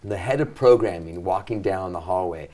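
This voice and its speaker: A middle-aged man from the US–Mexico border region, casually telling an excitable, profane story in a chat and acting out the voices in his quotes. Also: low-pitched, normal speed. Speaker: guest.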